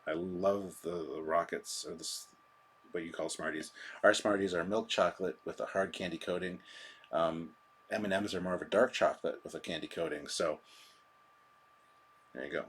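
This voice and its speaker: A man's voice: low voice, steady tone, moderate pace, pauses often, husky. A man hosting a live stream, chatting casually and rambling through viewer comments with a self-deprecating manner.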